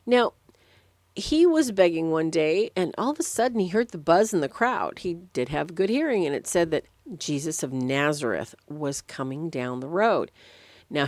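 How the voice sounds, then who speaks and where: Woman, lay religious speaker, animated storyteller, lively pitch, dry close sound. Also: dry recording. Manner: animated storytelling with sudden emphasis. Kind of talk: Sunday meditation talk.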